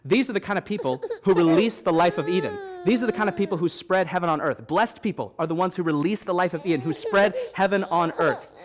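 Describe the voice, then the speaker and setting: A young man preaching a sermon as young adults pastor, animated and repeating key phrases for emphasis, with light joking asides. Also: high voice, fast, a crowd in the background. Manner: joking asides, stops to soothe a baby.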